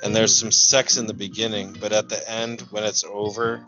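A man co-hosting a comedy podcast, doing comic bits and deadpan parody trailer narration. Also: fairly low pitch, moderate pace. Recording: dull lo-fi recording with faint music.

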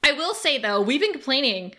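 A woman's voice: high-pitched, brisk. A woman co-hosting a podcast, chatting casually as she retells scenes with laughter. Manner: animated retelling with laughs and acted quotes. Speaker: podcast co-host. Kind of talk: casual recap chat.

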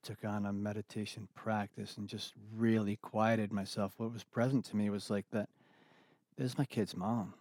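Middle-aged man, low-voiced guest sharing candidly, halting and earnest, dry close sound. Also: level tone, a little mellow, dry recording. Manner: earnest, reflective, halting with many restarts. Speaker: interview guest. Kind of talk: candid personal conversation.

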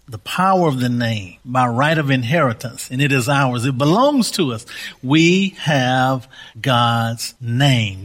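A man's voice: mid-range voice, fairly bright tone. A male pastor preaching a sermon, repeating key phrases for emphasis and leading the congregation in spoken declarations.

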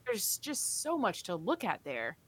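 A woman's voice: mid-range voice, huge pitch swings, measured pace, fairly bright tone, slightly rough. A woman chatting on a podcast as co-host, her voice in an ordinary middle range. She talks in an easygoing way, listing ideas with fillers along the way. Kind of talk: casual chat.

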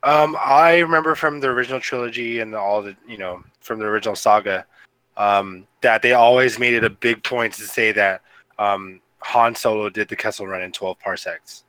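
A man's voice: on the low side, moderate pace, pushed and bright, no room sound, poor audio. A man co-hosting a casual movie review podcast, rambling with lots of fillers and laughter. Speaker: podcast co-host.

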